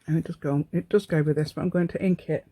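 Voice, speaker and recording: Quick-paced and warm, the woman's low-pitched voice keeps a fairly even intonation. She hosts a laid-back crafting tutorial, rambling and chatting while she works, with frequent laughs and self-deprecating humor.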